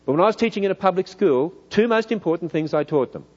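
A middle-aged man with an Australian accent, preaching in a church hall, lively and full of rhetorical questions. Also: high voice, fast talker, highs cut off. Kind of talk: church lecture.

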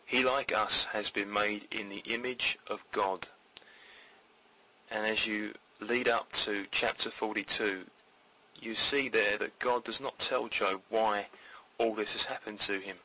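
A man who is a podcast guest, giving earnest, steady Bible commentary. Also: fairly low pitch, unhurried, low-quality recording.

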